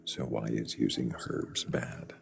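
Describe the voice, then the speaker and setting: A man's voice: extremely low pitch, fairly even intonation, slow, vocal fry. A male host of a live stream, talking bluntly and sarcastically and swearing freely. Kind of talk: live stream debate chat.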